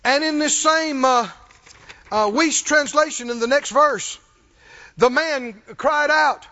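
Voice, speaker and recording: A man's voice: very high voice, takes it slowly, sharp tone, lo-fi sound. A man preaching a sermon with rising fervor, asking the congregation questions and calling for responses.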